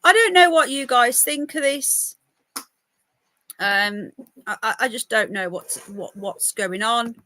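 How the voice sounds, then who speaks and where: A woman's voice: on the high side, takes it slowly, bright, forceful tone, dry recording. A woman hosting a live news podcast from home on a laptop mic, chatting in a rambling, easily distracted way. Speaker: podcast host reading news. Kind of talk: casual live news chat. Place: home by a window.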